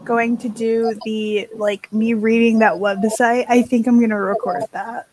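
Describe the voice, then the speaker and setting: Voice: mid-range voice, little pitch movement, measured pace, darkish tone, a little hiss or hum, low-quality recording. A writer chatting offhandedly on a video call through a headset, busy posting links. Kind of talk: casual chat on a video call.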